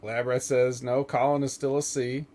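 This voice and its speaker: A man's voice: mid-range voice, flat delivery, normal speed, darkish tone. A man hosting a casual wrestling talk show, rambling through opinions, laughing and swearing freely. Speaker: podcast host.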